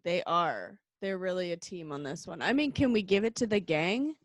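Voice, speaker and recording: A woman's voice: lowish voice, animated, moderate pace, no echo, studio quality. A woman co-hosting a casual podcast, talking enthusiastically about an episode and laughing often. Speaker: podcast co-host. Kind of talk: casual chat.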